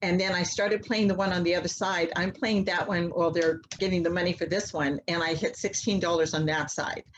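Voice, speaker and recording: A woman guest telling a long personal story in a casual, animated way, acting out the voices of people in it. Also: fairly low pitch, fairly quick, slight background noise, rough recording. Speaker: interview guest, mother.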